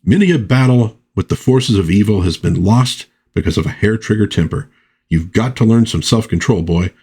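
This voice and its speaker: A wholesome, old-fashioned patriotic superhero who scolds younger heroes in folksy, fatherly phrasing, read by a man recapping a comic. The voice is low and husky and sits near the reader's own. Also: lively intonation, moderate pace, dark tone. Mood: lecturing. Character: old-fashioned patriotic male superhero, stern but kindly.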